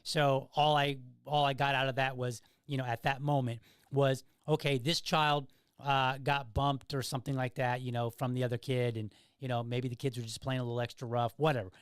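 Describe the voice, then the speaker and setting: A man's voice: medium pitch, level tone, a little fast, clean tone, no echo, studio quality. A middle-aged man hosting a podcast, telling a story in a casual monologue and often checking in with "okay?" and "right?". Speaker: podcast host.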